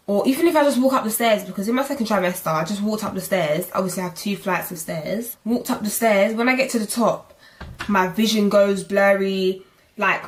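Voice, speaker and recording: A young woman in her twenties with a London accent, chatting casually and animatedly to her viewers in a vlog, often out of breath. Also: mid-range voice. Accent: London English. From England. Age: 20s. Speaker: vlogger. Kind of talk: casual pregnancy vlog chat.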